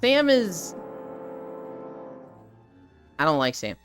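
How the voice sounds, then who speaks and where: A young woman talks casually on a live stream, her voice sitting low but swinging widely in pitch. She slips into characters' lines as she chats, speaking into a headset. Faint music plays behind her. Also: extremely slow. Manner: chatty, animated, acts out game characters' lines.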